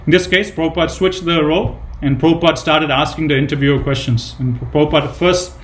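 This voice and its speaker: A man's voice: on the high side, steady tone, quick pace, a little hiss or hum. A man giving a devotional scripture class, retelling anecdotes with emphatic repetition and casual fillers. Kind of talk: devotional sermon with retold anecdotes.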